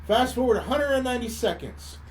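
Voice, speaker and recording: High-voiced rambling male podcast host. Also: expressive, brisk. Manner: rambling, chuckling storyteller with restarts. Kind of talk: casual chat retelling a movie plot.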